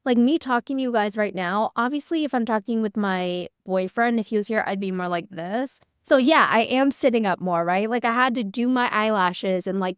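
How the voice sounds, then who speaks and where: A young woman talks frankly and casually, peppering her sentences with "like." Her voice sits a little high and comes across smooth and clean. The sound is dry and close, as on a video call. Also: no echo. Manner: chatty, candid, many "like" fillers. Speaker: workshop host. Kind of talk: casual workshop talk.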